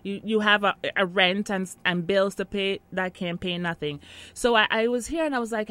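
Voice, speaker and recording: A woman's voice: mid-range voice, normal speed, fairly bright tone. A woman in her thirties from Jamaica with a Jamaican accent, chatting casually in an interview and laughing often.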